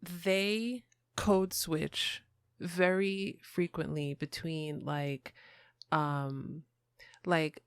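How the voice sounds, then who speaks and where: A woman hosting a podcast interview, asking thoughtful questions in an unhurried way. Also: low voice, steady tone, smooth, no room sound, studio quality. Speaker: podcast host. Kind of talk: conversational interview.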